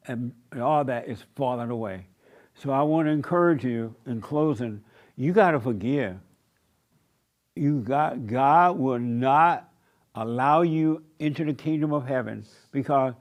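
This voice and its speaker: A man preaching a sermon in an emphatic, repetitive cadence with folksy turns of phrase. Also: mid-range voice. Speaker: pastor.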